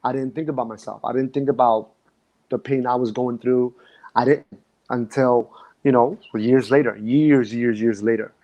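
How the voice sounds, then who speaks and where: A man's voice: medium pitch, steady tone, moderate pace, mellow, highs cut off. A man, a dance instructor, recalling his past in a reflective, emotional way and often restarting his sentences. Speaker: guest. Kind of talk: casual conversation.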